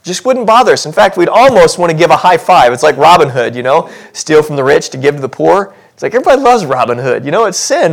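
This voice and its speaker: A man preaching a sermon as pastor, talking conversationally and building to animated intensity. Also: a little high, normal speed, gravelly. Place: church sanctuary.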